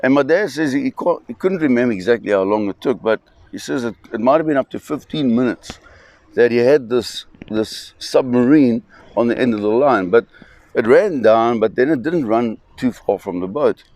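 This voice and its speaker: A man telling a spoken anecdote, animated, with fillers and restarts. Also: medium pitch, normal speed.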